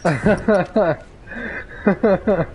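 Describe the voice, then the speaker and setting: A man's voice: sits high, drawn-out words, a little mellow, slight background noise, poor audio. A young man chatting casually while gaming, laid-back, rambling and profane.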